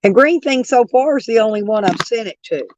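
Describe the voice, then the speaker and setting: A brash, profane woman hosts a livestream, reading her chat and arguing with it in a casual rant. Her voice is a little high, animated, fairly quick, and darkish, though allergies have lowered and roughened it, and the recording is rough.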